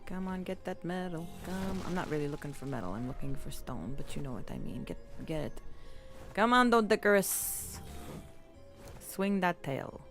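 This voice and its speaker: Brief: woman game streamer, rambling and playful, slight vocal fry. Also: on the low side, big pitch swings, normal speed, over music. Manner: rambling, playful, chatty with viewers. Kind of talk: live game stream chat.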